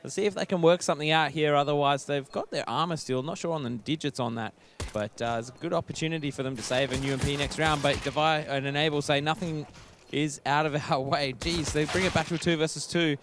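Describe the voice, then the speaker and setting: A man casting an esports match, giving steady play-by-play commentary with frequent fillers. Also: fairly high pitch, fast, few pauses, background noise. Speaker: esports caster.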